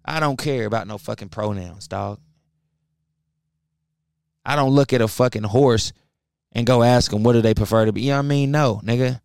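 A man's voice: medium pitch, moderate pace, creaky, pauses often, darkish tone, clean tone, no room sound, clean studio sound. A young man hosting a podcast, ranting bluntly and profanely, heated and preachy. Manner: heated, fired up. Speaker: podcast host. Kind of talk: ranting solo podcast talk.

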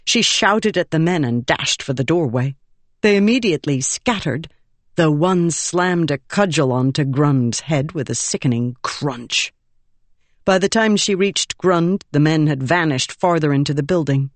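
A narrator reads a fantasy novel in a measured, expressive way, with a slow pace and a lively, wide-ranging pitch. The recording is close and dry, with no room sound. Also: no room sound. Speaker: audiobook narrator.

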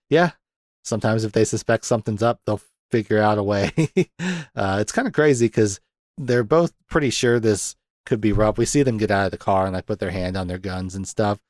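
Low-voiced man recapping a movie. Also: dry recording, clean studio sound. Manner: animated retelling, acts out quotes, laughs often. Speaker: podcast host. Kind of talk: casual movie discussion.

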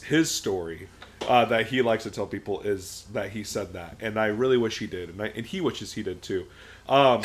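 Man, podcast co-host, casual chat, lively storyteller, acts out voices, middle pitch. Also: slight background noise. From Southern California. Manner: animated storyteller, acts out quotes in a raised voice.

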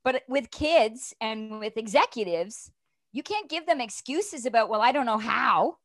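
A woman's voice: a little high, a little slow, no room sound. Earnest woman telling her story, dry sound. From Canada. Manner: earnest and animated, repeats "right?" often. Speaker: guest. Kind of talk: conversational storytelling interview.

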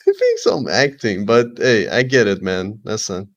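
A man's voice: on the low side, huge pitch swings, unhurried, gravelly, highs cut off. A man talking casually as a guest on a streamer podcast, laid-back and loose, often saying "bro". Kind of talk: casual chat.

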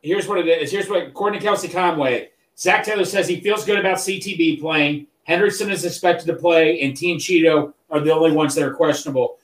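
A man's voice: fairly high pitch, fairly quick, few pauses. A man co-hosting a sports podcast, reading out news with hesitant fillers. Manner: hesitant, reads out news and posts. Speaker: podcast co-host. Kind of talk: casual sports podcast chat. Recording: echoey room.

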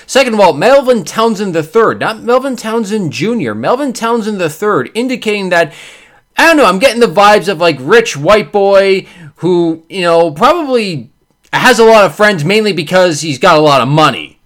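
A man hosting a podcast, giving sarcastic, animated commentary with quick character bits. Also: high-pitched. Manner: sarcastic, animated, does voices. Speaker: podcast host. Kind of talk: casual commentary.

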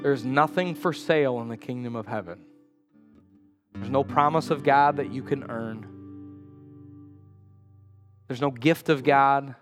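A man preaching a sermon as pastor, telling a story with lively acted-out quotes and sudden loud cries. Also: measured pace, pauses often, in a large hall, soft background music. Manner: animated storytelling, acts out quotes with sudden high outbursts. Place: church sanctuary.

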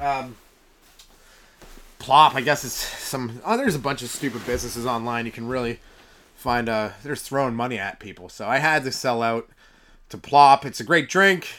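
Over slight background noise, a man with a medium-pitched, fairly bright voice hosts a solo comedy podcast. It plays like a stand-up monologue: rambling and sarcastic, with mumbled asides.

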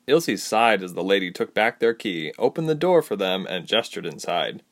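A woman narrating a story in an expressive, animated reading. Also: rumbling low, a little fast, few pauses, no echo, clean studio sound.

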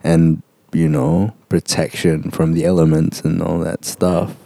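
A man, speaking in a thoughtful, measured way as a podcast co-host. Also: low voice, flat delivery, creaky, warm tone, dry recording. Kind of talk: casual chat.

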